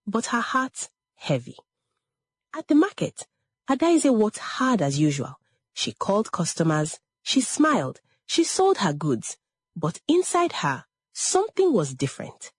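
Brief: woman narrator, low husky voice, lively expressive delivery. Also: no room sound. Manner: expressive, dramatic pauses. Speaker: storyteller. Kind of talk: scripted story narration.

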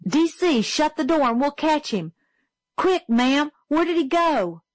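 A woman voicing a gallant, earnest young boy in a storybook reading, raised high and eager. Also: big pitch swings, unhurried, no room sound. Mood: urgent.

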